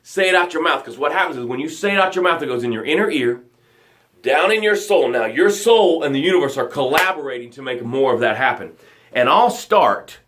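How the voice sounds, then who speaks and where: In a fairly high voice, a man hosting a live motivational show preaches with dramatic, energetic emphasis and chanted phrases. At times he slows down and drops almost to a whisper to hammer a point home.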